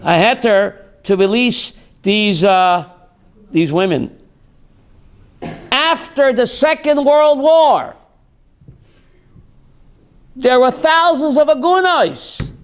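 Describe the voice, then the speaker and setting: Male rabbi, high and gravelly, slow dramatic storyteller. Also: expressive. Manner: storytelling, asks the audience questions and answers them; dramatic, voices screaming characters in quotes. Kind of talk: lecture to a class.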